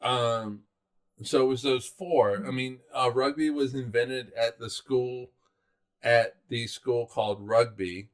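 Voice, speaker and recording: A man's voice: medium pitch, fairly even intonation, takes it slowly. A man co-hosting a podcast, explaining in a casual chat, with many ums and easy swearing. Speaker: podcast co-host.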